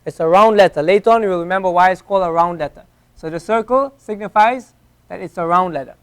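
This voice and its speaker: A man's voice: high-pitched, clean tone. Patient man teaching letter sounds. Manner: patient, repeats sounds slowly. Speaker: Arabic teacher. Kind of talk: classroom lesson. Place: mosque classroom.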